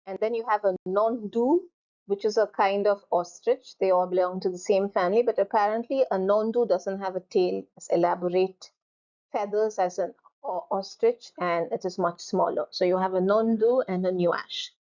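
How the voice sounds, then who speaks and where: A woman's voice: mid-range voice, fairly even intonation, moderate pace, mellow. A woman teaching French from slides, repeating each word several times so learners can copy her pronunciation. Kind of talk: recorded slide lecture. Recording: dull lo-fi recording.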